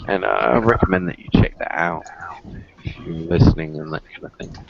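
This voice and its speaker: A man's voice: low voice, brisk, gravelly, in a whisper. A man hosting a casual stream, a bit drunk, rambling and correcting himself as he talks. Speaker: stream host. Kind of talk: casual podcast chat. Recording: muffled lo-fi stream with crowd noise.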